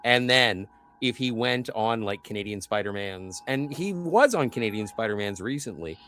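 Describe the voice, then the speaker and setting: A man chatting casually as a podcast co-host, animated, often slipping into quoted voices. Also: lowish voice, moderate pace, a little hiss or hum. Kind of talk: casual conversational chat.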